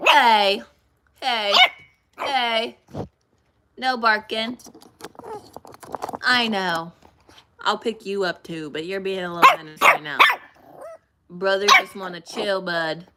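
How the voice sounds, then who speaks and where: A woman's voice: mid-range voice, fairly even intonation, slow pace, long pauses, heavy background noise. A woman chatting casually on a live stream from home, cooing at her dogs in a baby voice. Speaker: streamer doing makeup. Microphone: phone. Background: dogs barking and whining.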